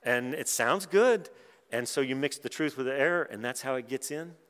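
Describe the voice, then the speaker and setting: A man's voice: medium pitch, lively intonation, normal speed, a bit bright, clear, resonant tone. A middle-aged man preaching at a conference in a conversational way, with wry asides. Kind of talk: conference sermon. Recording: long hall reverb.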